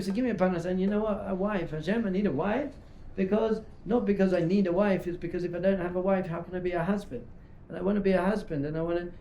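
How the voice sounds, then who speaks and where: A rabbi teaching in a lively, conversational way. His voice sits fairly high for a man but sounds mellow, with noticeable echo from the room. He keeps slipping into little acted-out dialogues to make his points. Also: slight background noise. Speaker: rabbi giving a talk. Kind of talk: informal teaching talk. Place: talk hall at a yeshiva. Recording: echoey room.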